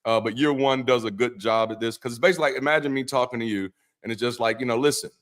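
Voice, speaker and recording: A man's voice: mid-range voice, fast talker, fairly bright tone. A man, an ex-pastor, hosting a Bible study livestream as a loose casual chat, joking and cursing, with frequent repeats and restarts. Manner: loose, profane, joking asides; repeats words and restarts often.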